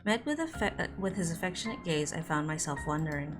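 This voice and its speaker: A woman streaming a visual novel, reading its narration aloud and breaking off for quick reactions, with music under her voice. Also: low voice, sing-song. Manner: reads narration with quick asides. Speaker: game streamer.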